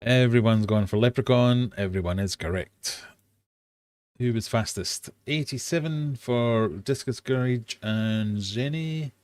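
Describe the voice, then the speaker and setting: A man's voice: medium pitch, measured pace, darkish tone, no room sound. A man hosting a casual live-streamed quiz for fishkeepers, chatty and jokey with self-deprecating asides. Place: home fish room.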